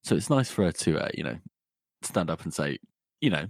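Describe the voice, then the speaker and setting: A man co-hosting a podcast, discussing a book casually, expressive and laughing often. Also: deep voice, brisk, vocal fry, pauses often, no room sound, studio quality. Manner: expressive, laughs often, swings into big character voices. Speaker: podcast co-host.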